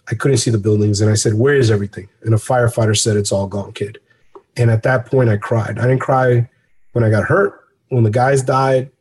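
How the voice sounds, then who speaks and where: Husky-voiced man giving halting testimony. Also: medium pitch, a little mellow. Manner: halting, earnest, pauses mid-sentence. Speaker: former police officer recounting a rescue. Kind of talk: personal testimony.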